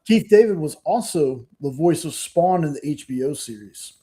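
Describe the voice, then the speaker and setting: Mellow-voiced enthusiastic man chatting. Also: a little high, lively intonation, normal speed, slight background noise. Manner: enthusiastic, repeats himself. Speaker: podcast co-host. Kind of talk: casual chat.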